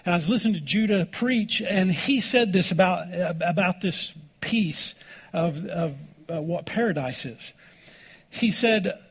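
A male pastor delivering a sermon, reading scripture aloud and slowing down to stress key words. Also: high-pitched, animated, breathy edge. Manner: slows down for emphasis, reads scripture aloud.

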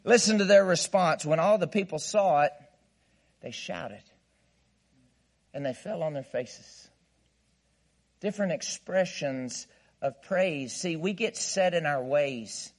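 A man's voice: a little high, expressive, takes it slowly, pauses often. A man preaching a sermon as guest pastor, playful and emphatic, leading the congregation in call-and-response and bursting into mock laughter.

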